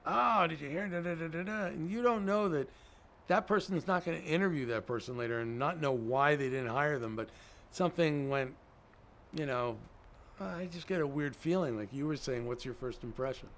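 Speaking at a normal speed in a mid-range voice, a middle-aged interview guest tells animated stories, performing the quoted dialogue himself. A little hiss or hum is audible.

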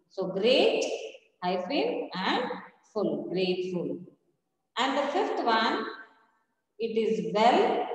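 A woman teacher giving a recorded lesson, spelling words out letter by letter. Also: mid-range voice. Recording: echoey room, voice far from mic.

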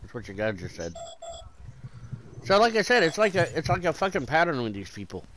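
A man hosting a loose comedic chat, rambling from one mock-conspiracy to the next and swearing freely. His voice is bright and sharp and sits a little high. A faint hiss runs under the recording. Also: very animated, quick pace, poor audio.

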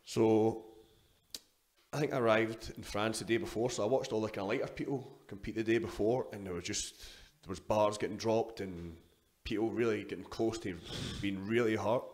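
Scottish guy in his twenties or so, lowish voice, swears a lot, keeps restarting sentences, chatty storyteller. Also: fairly even intonation, normal speed, a little mellow. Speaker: guest, powerlifter. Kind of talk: casual podcast interview.

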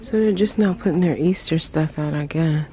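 A deep, mellow voice at a moderate pace belongs to a woman filming a casual shopping vlog in a large retail store. She gushes over products as she goes, frequently shifting into half-whispered asides amid the noisy store ambience.

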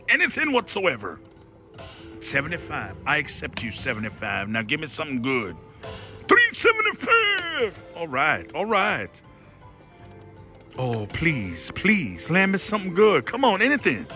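Excitable man gambling at slots. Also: a little high. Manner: excitable, pleading with the machine, keeps saying "everybody". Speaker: slot machine vlogger. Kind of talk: casual live commentary while gambling. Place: casino floor.

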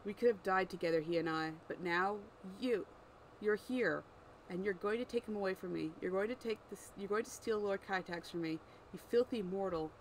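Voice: medium pitch, normal speed, a little hiss or hum, natural voice, low-quality recording. A reader voicing a proud, ancient, eyeless female demon servant with horns, scornful and easily wounded, in an amateur story read-aloud. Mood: furious.

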